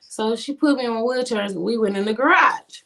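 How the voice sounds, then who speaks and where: Podcast guest, woman with a bright high voice, lively storyteller who plays every part in her tale. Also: fairly quick. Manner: animated, swings pitch to act out friends' lines. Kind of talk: casual storytelling.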